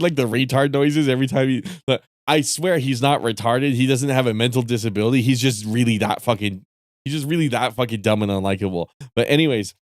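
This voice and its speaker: A man's voice: medium pitch, no room sound, clean studio sound. A man streaming who tells a story in a casual rant, swearing a lot and breaking into laughter often. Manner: profane, laughing often, animated.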